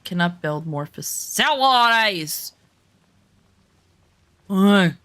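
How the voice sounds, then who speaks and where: In extremely slow, expressive speech, a woman with a medium-pitched, slightly bright voice chats jokingly with viewers while streaming a survival game. She swears freely, pokes fun at herself, and is easily flustered. There's no room sound.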